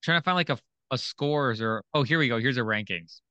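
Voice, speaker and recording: A man's voice: mid-range voice, a little fast, sharp tone, smooth, dull audio. A man co-hosting a sports podcast, throwing in joking asides during casual chat. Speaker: podcast co-host.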